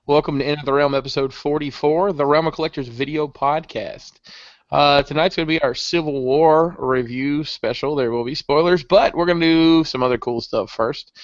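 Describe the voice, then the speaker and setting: Man, podcast host, upbeat introductions, fairly high voice, lo-fi call audio. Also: normal speed, no echo. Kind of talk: hosting introductions. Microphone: video call.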